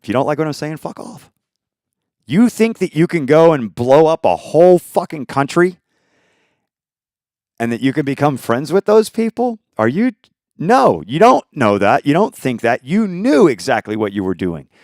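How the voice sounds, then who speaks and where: A man in an angry, profane, unscripted rant, swinging between shouting and muttering. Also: on the high side, big pitch swings, moderate pace, no room sound, clean studio sound.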